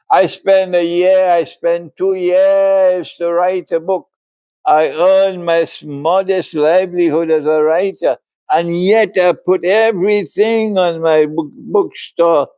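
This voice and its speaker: A man's voice: a little high, dark tone, smooth, no room sound. An older man, an Islamic scholar, giving an emphatic religious lecture and laughing often as he speaks.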